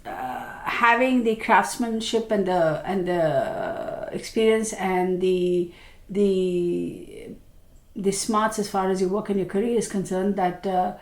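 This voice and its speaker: A woman's voice: mid-range voice, echoey room. A woman reading tarot cards. She sounds tired and congested from allergies, and she talks in a chatty, reassuring way with many fillers. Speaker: tarot reader.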